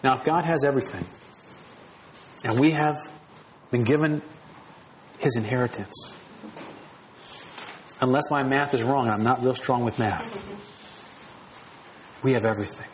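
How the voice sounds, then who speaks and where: A man preaching a sermon in a warm, earnest and personal manner. He often repeats phrases and restarts a thought. His voice is mid-pitched, with a faint hiss behind it. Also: measured pace, long pauses, low-quality recording. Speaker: pastor.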